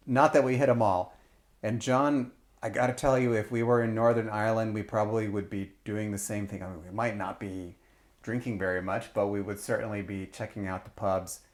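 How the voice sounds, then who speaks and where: A man's voice: fairly low pitch, darkish tone. Man hosting a travel podcast. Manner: reads listener comments aloud. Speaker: podcast host. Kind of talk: casual podcast chat.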